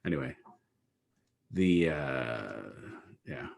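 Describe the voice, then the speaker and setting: A man with a very low, deep voice talks in a loose, rambling way, full of "uh" and "like". He chats casually with a business partner about their app project. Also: very slow, creaky. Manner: relaxed, rambling with fillers. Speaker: app co-founder. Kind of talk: casual work chat.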